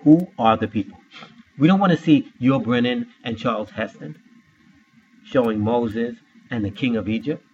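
A man's voice: medium pitch, moderate pace, a little mellow, muffled recording, a little hiss or hum. Man teaching scripture, rhetorical questions. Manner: asks rhetorical questions, spells out words. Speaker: Bible teacher.

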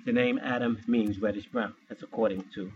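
A man's voice: on the low side, steady tone, a little fast, lo-fi sound, a little hiss or hum. A man teaching from scripture who poses rhetorical questions to his listeners and spells words out letter by letter. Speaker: Bible teacher.

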